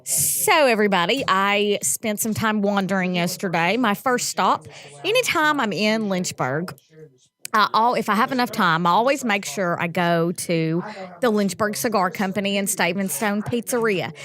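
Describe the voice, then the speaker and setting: A woman's voice: medium pitch, moderate pace, fairly bright tone. A woman, a co-host chatting enthusiastically about a local restaurant. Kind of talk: casual chat.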